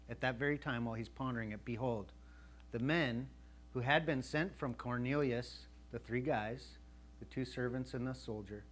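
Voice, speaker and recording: A man's voice: mid-range voice, a little hiss or hum. Conversational male preacher. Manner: conversational, acts out voices in the Bible story; checks in with the audience. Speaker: pastor. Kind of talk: sermon.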